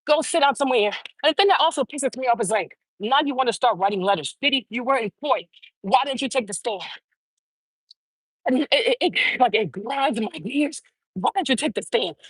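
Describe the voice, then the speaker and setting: A woman's voice: a little high, lively intonation, moderate pace, slightly rough, no room sound. A woman hosting her own show, giving heated, profane opinion commentary and repeating phrases for emphasis. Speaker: show host.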